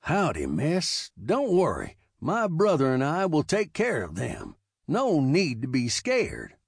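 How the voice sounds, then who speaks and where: A man voicing a calm, cocky young frontier gunman with a slow, easy drawl. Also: a little high, slightly rough, no echo, clean studio sound, heavily acted. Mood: laconic.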